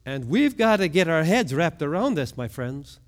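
A man preaching a sermon, moving between hushed low lines and sudden raised outbursts, often asking his listeners questions. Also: sing-song, normal speed. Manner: asks the congregation questions. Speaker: pastor.

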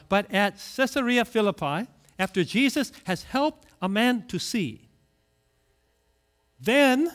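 A middle-aged male pastor preaching a sermon, telling stories with lively acted-out voices. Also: sits high. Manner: animated storytelling, acting out voices.

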